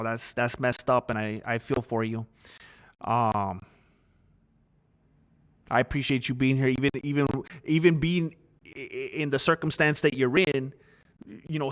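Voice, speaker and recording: Halting, chatty man streaming live. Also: mid-range voice, fairly bright tone. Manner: halting, with restarts and fillers; earnest and talkative. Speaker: live-stream host reading chat. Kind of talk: casual live-stream chat.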